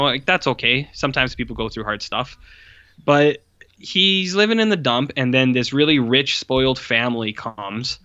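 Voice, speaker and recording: A man on a casual podcast gives a blunt, profane review and mimics the characters to mock them. His voice is bright and forward. The recording is dull and dry, with no room sound. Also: mid-range voice, dry recording. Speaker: podcast co-host. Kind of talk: casual film review chat.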